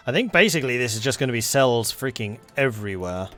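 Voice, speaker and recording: A man's voice: medium pitch, lively intonation, a little fast, hardly any pauses, a bit bright, faint music behind. Man musing casually over a strategy game. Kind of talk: gameplay commentary.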